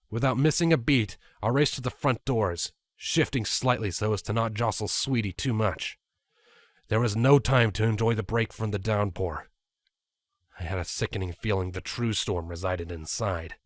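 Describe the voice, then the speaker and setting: A man reading a fan fiction story aloud with an expressive, animated delivery. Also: lowish voice, dry recording, studio quality. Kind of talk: dramatic story narration.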